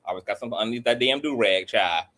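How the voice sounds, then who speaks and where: A man hosting a casual panel chat on a video call, sassy and animated, with his voice leaping up when he gets excited. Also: medium pitch, very fast. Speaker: host.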